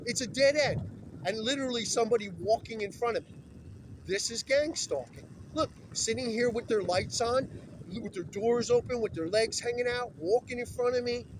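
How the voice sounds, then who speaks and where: A man's voice: very high voice, moderate pace, noisy background. A man talking in an agitated, urgent and rambling way while filming himself on his phone outdoors beside a busy road. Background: passing vehicles.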